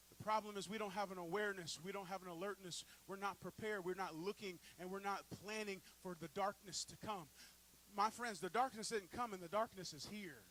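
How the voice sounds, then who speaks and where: High, bright preacher man. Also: fairly even intonation, moderate pace, low-quality recording. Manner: storytelling, building to loud preaching peaks. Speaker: pastor. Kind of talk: sermon. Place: church sanctuary.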